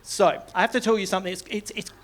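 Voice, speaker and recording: A man's voice: high-pitched, fairly even intonation, fast. A middle-aged man doing a rambling stand-up routine in a small comedy club, laughing at his own jokes. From Australia. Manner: rambling, self-interrupting, laughs mid-line.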